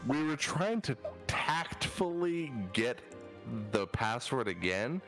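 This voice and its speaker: A man co-hosting a podcast, telling a story in casual chat, animated and laughing often, with frequent swearing. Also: mid-range voice, takes it slowly, soft background music. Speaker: co-host.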